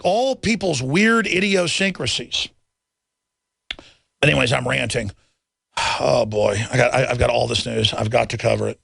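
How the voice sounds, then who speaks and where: A man's voice: on the high side, creaky, a bit bright, dry recording, studio quality. A man hosting a talk radio show, ranting in a rambling, heated way with many restarts before taking calls. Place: radio studio.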